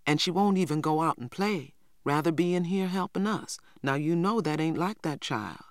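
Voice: medium pitch, animated, moderate pace, no echo, voice pushed up, lightly acted. A reader voicing an elderly, protective grandmother who speaks in a folksy rural dialect, recorded dry. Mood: worried. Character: old grandmother, worried and protective. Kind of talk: audiobook character voice.

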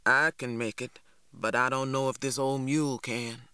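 A man voicing a steady, plainspoken older farmhand who talks slowly. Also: mid-range voice, clear, resonant tone, dry recording, studio quality. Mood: resigned.

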